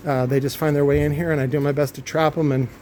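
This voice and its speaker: A man's voice: fairly high pitch, level tone, fast talker, dark tone, soft background music. Rambling man in his warehouse shop. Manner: rambling, swears a lot, many fillers and restarts. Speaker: car audio subwoofer builder. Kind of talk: casual shop vlog rant.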